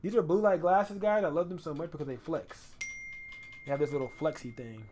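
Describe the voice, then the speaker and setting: Young male streamer, slightly raised pitch, loose slangy repeating banter over his editing. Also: a little fast, darkish tone, slight background noise. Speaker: photographer live-streaming an edit. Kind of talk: casual live-stream chat.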